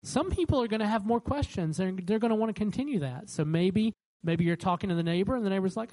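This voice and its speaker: Animated conversational preacher. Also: mid-range voice, quick pace, low-quality recording. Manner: animated, acts out the voices of the people it quotes; conversational, with frequent restarts. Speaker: pastor. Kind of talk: sermon.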